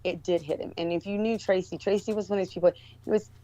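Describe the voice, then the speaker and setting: A woman's voice: on the low side, fairly even intonation, fast talker, warm tone. A woman guest telling a story in casual talk, rambling with many restarts and fillers. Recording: dull lo-fi recording.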